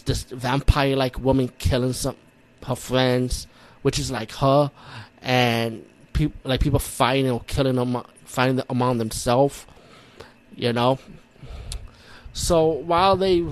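A man with a New York accent gives a loose, rambling recap of a horror film. He swears freely and jumps into acted-out reactions along the way, in a casual, unscripted delivery. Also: medium pitch. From the Bronx, New York. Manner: rambling, profane, animated retelling with acted-out reactions. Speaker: movie reviewer.

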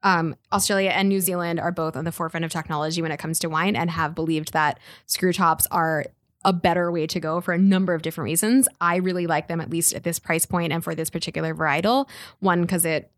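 A woman's voice: fairly low pitch, fairly even intonation, fast talker, no room sound, clean studio sound. A woman sommelier guest casually explaining wine tasting, chatty with lots of fillers. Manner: chatty and laughing, full of fillers.

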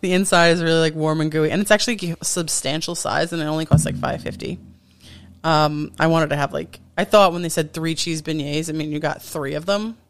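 Chatty woman cohost rambling with lots of likes and ums, smooth clear voice. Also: low-pitched, steady tone, fairly quick. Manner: chatty, lots of fillers and restarts. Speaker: podcast co-host. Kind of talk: casual chat.

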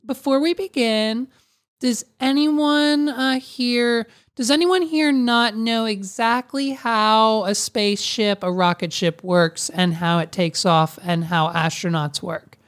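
A woman putting on a mocking impression of a woman politician at a podium, halting and grandly eager as she rambles. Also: on the high side, fairly even intonation. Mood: overeager.

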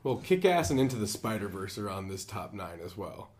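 A man's voice: on the low side, big pitch swings, a little fast. Enthusiastic man in casual chat. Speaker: podcast co-host.

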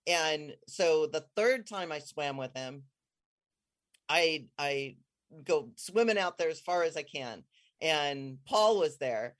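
A speaker in casual conversation telling a personal story with excitement, rambling through restarts and jumping into high, squealing tones whenever quoting themselves. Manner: rambling, many restarts and trailing phrases.

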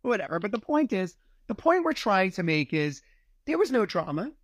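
A man's voice: high voice, big pitch swings, moderate pace, dry recording. Man host, direct interviewer, dry close sound. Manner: steers the talk, direct. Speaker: podcast host. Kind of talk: conversational interview.

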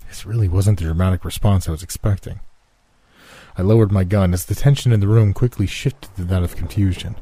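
A man narrating a first-person scary story in a slow, measured, suspenseful reading. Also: low-pitched, steady tone, dark tone, husky.

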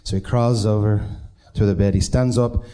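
A man's voice: lowish voice, steady tone, normal speed, dark tone. A man from New York State, an improv theater owner called up from the audience, telling a story joke on stage with flustered tangents. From New York State, USA.

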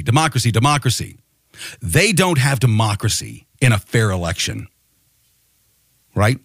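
A man's voice: medium pitch, a bit bright, dry recording, studio quality. A man hosting a podcast, delivering a rousing monologue full of rhetorical questions. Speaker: podcast host.

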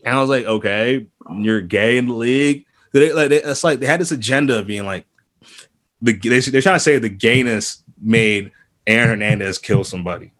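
A Boston-area man hosts a podcast, ranting in casual chat with a mid-range voice at a brisk pace. He's animated and heated, restarting often and swearing a lot.

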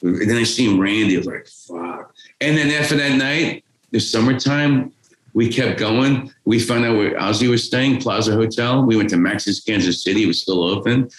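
A man's voice: lowish voice, moderate pace. A man, telling a rambling, profane story as a podcast guest. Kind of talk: casual storytelling. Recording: roomy echo.

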